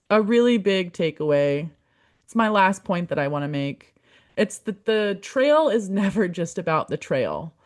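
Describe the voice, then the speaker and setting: Woman, young adult, podcast monologue, earnest, encouraging, slightly low pitch. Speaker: podcast host, community manager.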